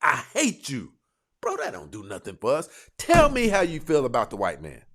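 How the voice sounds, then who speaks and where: A man hosting a talk show, speaking in an emphatic, animated way in casual opinion talk. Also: mid-range voice, fairly quick. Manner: animated, emphatic, calls listeners bro. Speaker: podcast host.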